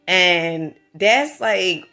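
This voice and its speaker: A woman's voice: lowish voice, lively intonation, extremely slow, bright, forceful tone, faint music behind. A woman with a Southern US accent giving a motivational talk to the camera, emphatic and preachy, calling the listener honey and checking in with "right?" and "okay?". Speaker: vlogger.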